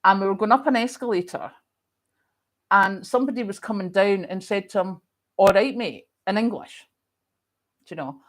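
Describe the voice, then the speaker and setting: A middle-aged Scottish woman hosting a casual livestream, chatting and reading viewer comments, telling stories in a chatty, animated way while she has a lingering cough. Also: mid-range voice, normal speed, pauses often. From Scotland. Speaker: livestream host.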